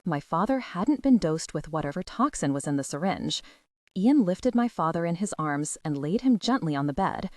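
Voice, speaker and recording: In a close, very dry recording with no room sound or echo, a woman with a lowish, slightly mellow voice reads a first-person audiobook. Her intonation is lively, her pitch rising and falling with feeling, and she keeps a normal speed.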